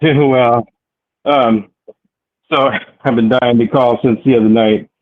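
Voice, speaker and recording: A man calling in to a live show, rambling and halting, often laughing as he talks. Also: mid-range voice, fairly even intonation, a little hiss or hum. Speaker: caller. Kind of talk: phone-in chat. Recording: tinny phone line.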